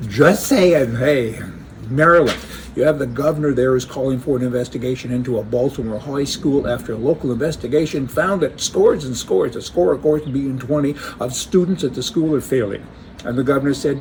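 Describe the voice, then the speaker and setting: A male commentator with a medium-pitched, darkish voice delivers an opinionated, casual monologue at a fairly quick pace. He's sarcastic and joking, dropping chuckling asides, with a faint hiss in the background.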